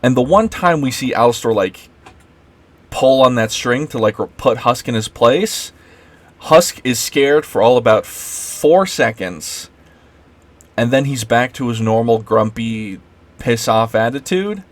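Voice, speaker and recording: A man's voice: mid-range voice, lively intonation, unhurried. A man giving an unscripted late-night rant as a video creator, rambling with many fillers and restarts.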